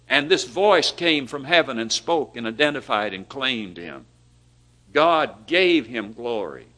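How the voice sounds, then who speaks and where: Bright-voiced man preaching a sermon. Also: medium pitch. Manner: dynamic, rising for emphasis and dropping to near-whispers at phrase ends; asks the listeners rhetorical questions.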